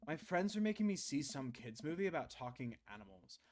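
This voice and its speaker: Bored teenage son, done by a man, lower and quieter, lazy drawl, sulky and flat. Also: brisk, a little hiss or hum.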